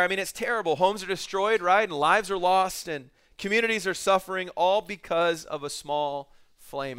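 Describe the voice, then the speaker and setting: A man's voice: high voice, sharp tone, clean tone. A man preaching a sermon, telling a story with acted quotes and swings of emphasis. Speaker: pastor.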